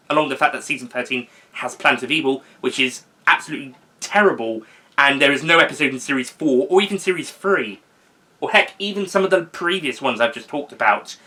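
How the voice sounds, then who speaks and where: A young man talking casually in an unscripted video, rambling, correcting himself and filling pauses with um. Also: mid-range voice, pushed and bright. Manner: rambling, with fillers and self-corrections. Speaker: video host ranking seasons.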